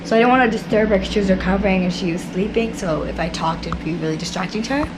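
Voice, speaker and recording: A hoarse young woman from Canada, chatting casually to camera as a vlogger, rambling with lots of fillers. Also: mid-range voice, fast talker, background noise. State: hoarse, losing her voice. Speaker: vlogger and karate competitor. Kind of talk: casual vlog chat to camera. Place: hotel room.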